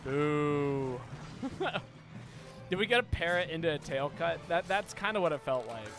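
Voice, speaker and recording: A man chats casually over a live game stream, his voice sitting a little high for a man. He is playful and keeps tripping over repeated words. Game music plays clearly behind him. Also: lively intonation, measured pace. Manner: playful, stammering word repeats. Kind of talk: casual live-stream chat while gaming.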